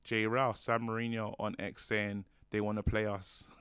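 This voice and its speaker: Low, smooth-voiced lad reading comments. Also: male voice, level tone, normal speed, a bit bright, dry recording. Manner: jokey, stumbling reader with many fillers. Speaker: fan channel co-host. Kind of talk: casual chat, reading viewer comments.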